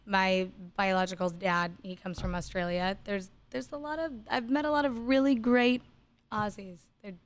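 A woman's voice: medium pitch, fairly even intonation, normal speed. A woman guest on a film podcast, chatting in a bubbly way with lots of filler words. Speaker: musician guest. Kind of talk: casual film discussion.

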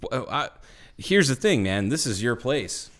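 A man's voice: medium pitch, sing-song, a little slow, a bit bright. A man co-hosting a casual podcast from an airplane hangar at night, rambling through stories with lots of restarts and swearing. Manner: rambling storyteller, swears freely, many restarts. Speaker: podcast co-host. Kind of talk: casual chat.

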